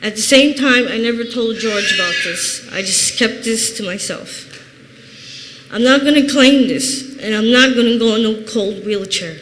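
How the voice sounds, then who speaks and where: A woman's voice: fairly high pitch, moderate pace. Woman from Chicago, thirties, earnest plain-spoken church testimony, long reverb, faint hiss. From Chicago, USA. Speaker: church member giving testimony. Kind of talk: personal testimony.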